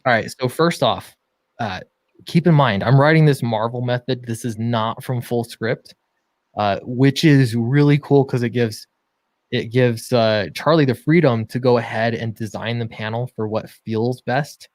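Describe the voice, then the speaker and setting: A man's voice: mid-range voice, measured pace, no room sound. Guy chatting on a stream about writing comics, eager, lots of uhs, dry close sound. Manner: enthusiastic explaining with many fillers. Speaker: comic book writer and co-host. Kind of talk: casual livestream chat.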